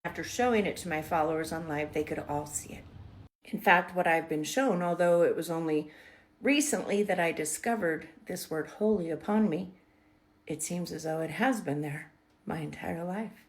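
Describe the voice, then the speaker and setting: A middle-aged woman telling a personal spiritual story in a vlog, emotional and expressive, dropping to whispers and rising into excited bursts. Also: fairly low pitch, moderate pace.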